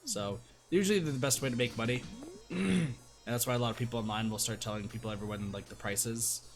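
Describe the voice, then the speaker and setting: A man's voice: medium pitch, a little fast, soft background music. A man casually chatting to his viewers while streaming a video game, rambling and thanking chat by name. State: hiccups.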